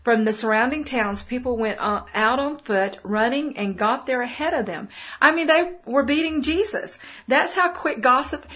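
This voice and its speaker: A woman's voice: high voice, normal speed, fairly bright tone, husky. A middle-aged woman with a Texan accent giving a folksy, conversational Bible teaching, full of fillers and restarts. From Texas. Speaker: preacher.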